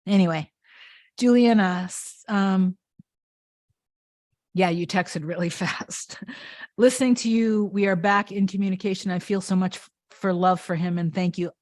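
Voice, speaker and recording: A woman's voice: medium pitch, steady tone, measured pace, dry recording. Woman coach, live Q&A, earnest and openly emotional, dry close sound. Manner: earnest, reads viewer comments aloud; emotional, warm-hearted. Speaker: manifestation coach. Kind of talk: live-stream Q&A chat.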